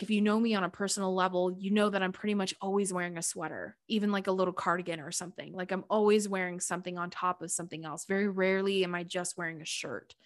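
A woman hosting her own podcast in a casual, confessional monologue, chatty and full of "like" fillers, with frequent laughs. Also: mid-range voice. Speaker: podcast host.

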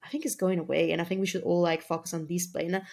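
A woman's voice: on the low side, level tone, quick pace, vocal fry, darkish tone. A woman speaking as a marketing guest on a podcast, talking in a chatty, filler-heavy casual way and laughing easily. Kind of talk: casual interview talk.

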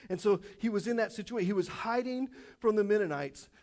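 A man preaching a sermon to his congregation, animated and repetitive, dropping light self-aware jokes along the way. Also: high-pitched, brisk. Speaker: pastor.

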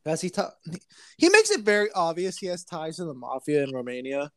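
A man's voice: a little high, wildly swooping pitch, brisk, no room sound. A young man chatting casually on a podcast, telling a rambling story, laughing often and swearing. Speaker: podcast co-host. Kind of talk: casual chat.

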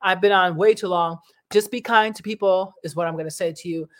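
This is a middle-aged woman talking straight to her viewers. She rambles from one thing to the next in a casual, chatty way, and her voice turns animated when she quotes what people said. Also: lowish voice, brisk. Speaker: vlogger.

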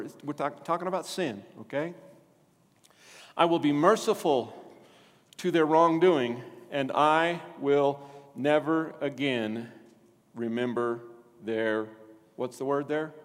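A male pastor preaching a sermon, animated and asking the congregation questions. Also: medium pitch. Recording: long hall reverb.

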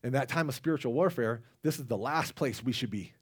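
A man's voice: mid-range voice, fairly quick, breathy edge. A man preaching a casual, conversational sermon, rambling with restarts and asides to the congregation. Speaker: lay preacher.

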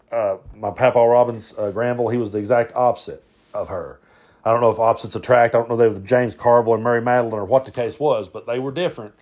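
A man, telling stories on his podcast in a rambling, self-interrupting way. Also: medium pitch. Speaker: podcast host. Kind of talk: casual storytelling.

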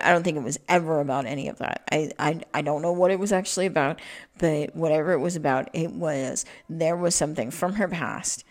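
A woman talking through her thoughts in a rambling, reflective monologue, halting often with fillers and restarts. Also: sits low, gravelly.

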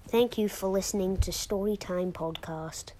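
A woman hosting a podcast, reading a children's story aloud in an expressive, sing-song way. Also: medium pitch, moderate pace, slight background noise, poor audio. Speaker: storyteller host.

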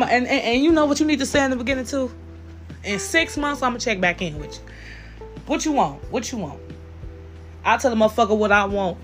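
A woman hosts her own podcast, speaking bluntly and with a lot of swearing. She keeps checking in with her listeners and laughs often, and faint music plays behind her. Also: medium pitch. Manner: blunt and profane, with frequent filler questions and laughs. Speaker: podcast host. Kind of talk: candid solo podcast talk.

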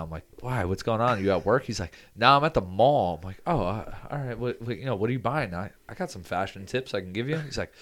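A man's voice: lowish voice, expressive, quick pace, hardly any pauses, a bit bright. New york guy on a podcast, just telling a story about his buddy, lots of "like" and "you know". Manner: storytelling, imitating friends. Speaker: podcast co-host. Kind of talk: casual chat.

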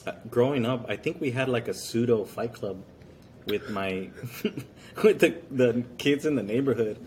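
A man's voice: mid-range voice, unhurried, a little mellow, a little hiss or hum. Rambling male podcast co-host. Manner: rambling storyteller, many fillers. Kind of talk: casual chat.

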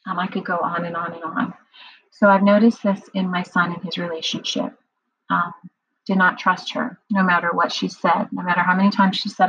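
A middle-aged woman speaking earnestly about her own experience in a personal monologue, often pausing on "um". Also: on the low side, a bit bright. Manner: earnest, explanatory, many filler ums. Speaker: survivor sharing personal experience. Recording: dull lo-fi recording.

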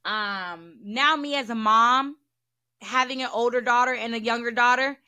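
A woman's voice: fairly high pitch, moderate pace, pushed and bright. A woman hosting a candid solo podcast, talking bluntly and profanely and repeating her points for emphasis. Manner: blunt and profane, talks frankly. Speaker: podcast host.

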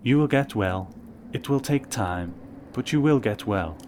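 A man's voice: medium pitch, animated, measured pace, slight background noise, lightly acted. A man reading the part of a small, gnome-like male monk who speaks sadly and innocently, like a child. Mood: gentle. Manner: sad, gentle, childlike.

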